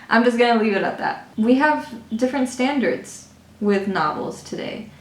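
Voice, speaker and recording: A young woman vlogging a casual book review, chatty and animated, often restarting her sentences. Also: fairly high pitch, a little slow. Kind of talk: casual book review while doing makeup. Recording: echoey room.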